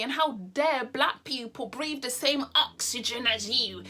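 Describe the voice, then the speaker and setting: A woman's voice: high voice, unhurried, pushed and bright, a little hiss or hum. A woman vlogger ranting blunt and exasperated to the camera, repeating her points.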